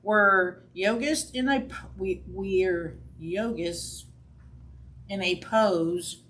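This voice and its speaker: A woman's voice: mid-range voice, very slow, fairly bright tone, a little hiss or hum. A woman doing a playful, singsong alphabet intro for a children's program.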